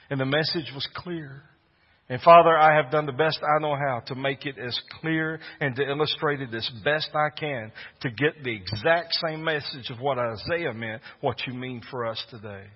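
A man preaches with earnest conviction, rising to loud, fervent peaks. His voice is a touch husky, and the sound is muffled and lo-fi. Long reverb from a large hall trails after his words. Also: mid-range voice. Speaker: pastor. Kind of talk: sermon.

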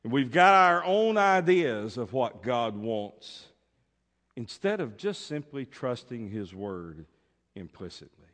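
A male pastor preaching a sermon, acting out a story theatrically and swinging between loud proclamations and hushed asides. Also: medium pitch, big pitch swings, slow pace. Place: church sanctuary. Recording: long reverb in a church.

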